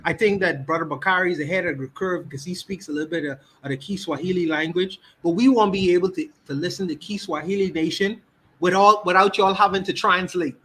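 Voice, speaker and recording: A man's voice: high voice, a little fast, bright, forceful tone, slight background noise, poor audio. A Bahamian man with a Bahamian accent, speaking on a livestream podcast and repeating his key words for emphasis.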